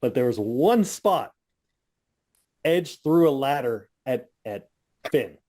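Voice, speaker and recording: A man co-hosting a wrestling podcast in relaxed, casual chat. He tells stories excitably, swears freely and slips into mocking voices. His pitch sits in an ordinary middle range. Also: takes it slowly. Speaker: podcast co-host.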